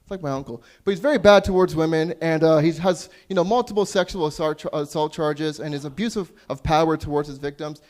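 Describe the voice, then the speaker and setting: High-voiced young man doing crude stand-up. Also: fairly quick, few pauses, a little mellow. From Canada. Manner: crude, self-deprecating, loses track of jokes. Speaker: stand-up comedian. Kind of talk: open mic stand-up. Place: small comedy club stage.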